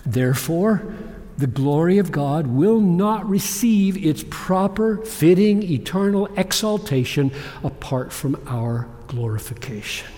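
A man preaching a sermon in a fairly high voice, slow and deliberate. He swings between loud exclamations and hushed whispers. His voice rings with a long reverb, as in a large church sanctuary. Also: animated. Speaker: pastor.

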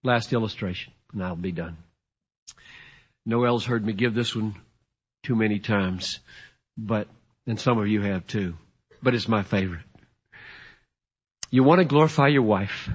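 A middle-aged man preaching a sermon in an emphatic storytelling way, swinging from loud to hushed. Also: on the low side, unhurried, long pauses, slightly rough. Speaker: pastor. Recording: dull lo-fi sermon recording.

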